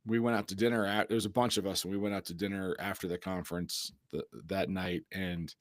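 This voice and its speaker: A man hosting a casual ministry conversation, telling animated stories and laughing often. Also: deep voice, brisk, dry recording, studio quality. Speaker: youth ministry podcast host.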